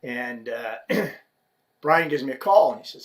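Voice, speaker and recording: Animated man telling a story. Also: mid-range voice, measured pace, creaky, low-quality recording. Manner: animated, mock-indignant, quotes others in story. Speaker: podcast guest. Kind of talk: casual storytelling.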